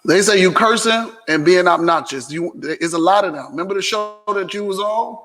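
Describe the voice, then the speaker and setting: Guy doing a casual home vlog q&a, kinda teasing, plain explainer, little high, reverb-y room. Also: normal speed, fairly bright tone, faint music behind. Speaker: host.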